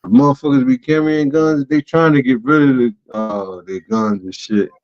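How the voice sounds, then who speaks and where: A man casually telling a wild story as co-host of a chat show, acting out the people in it with sudden jumps in his voice. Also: moderate pace. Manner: animated, acts out quoted voices with sudden pitch jumps. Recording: dull lo-fi audio.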